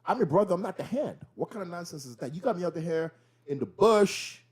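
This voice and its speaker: A man playing a brash, resentful prince who parties and fights wars and feels slighted by his brother. He talks in cocky street slang, with a pitch that swings around. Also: lively intonation, fairly quick, slightly rough.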